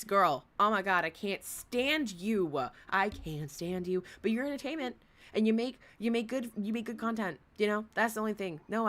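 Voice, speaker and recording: A woman hosting a livestream, reacting to a clip in blunt, profane, animated casual chat. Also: medium pitch.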